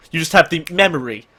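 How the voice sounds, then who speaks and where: A man's voice: fairly high pitch, bright, forceful tone, husky. A man narrating as game master, rambling with many fillers.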